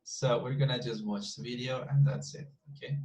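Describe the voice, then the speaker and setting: Male teacher, hesitant and repetitive, mid-pitched, steady online class delivery. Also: normal speed, a little hiss or hum, low-quality recording. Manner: hesitant, repeats words often. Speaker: English teacher.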